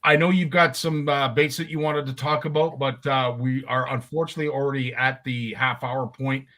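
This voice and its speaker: A man's voice: mid-range voice, steady tone, normal speed, sharp tone. A man hosting a live fishing show, reacting with short interjections and reading viewer comments aloud in casual chat.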